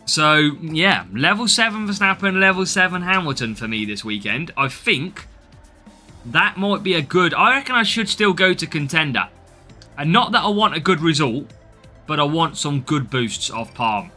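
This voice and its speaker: A man's voice: a little high, expressive, moderate pace, bright, forceful tone, soft background music. A man from the English Midlands with a Midlands accent, chatting through a live game stream and answering viewers' comments as he plays.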